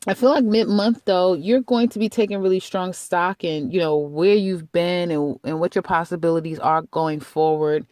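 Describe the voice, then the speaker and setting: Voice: medium pitch, steady tone, moderate pace, few pauses, a little mellow, no echo, studio quality. A tarot reader giving a casual monthly reading in a chatty, rambling way, blunt and laughing at their own remarks.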